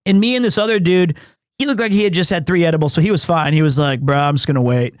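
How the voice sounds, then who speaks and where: A man in his forties, a streamer casually telling a story to his chat, animated, and acting out the people he quotes in funny voices. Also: sits high, fast talker, no room sound, studio quality. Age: 40s.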